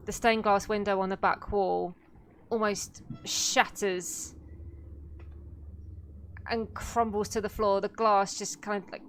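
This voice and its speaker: A woman narrating as dungeon master of a tabletop game, in a slow, drawn-out storytelling manner. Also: medium pitch, a little hiss or hum.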